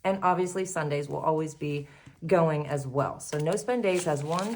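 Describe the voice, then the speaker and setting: A woman's voice: low voice, moderate pace, noisy background. A woman hosting a savings challenge vlog, chatting casually and upbeat with viewers, laughing often and a little out of breath. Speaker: savings challenge video host. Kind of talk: casual chat to viewers while doing crafts.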